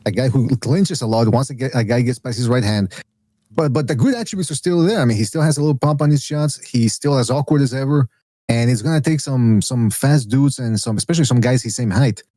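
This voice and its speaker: A man's voice: mid-range voice, a little fast, mellow, no echo. A man hosting a casual boxing podcast, opinionated and rambling, full of restarts and asides. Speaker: podcast host.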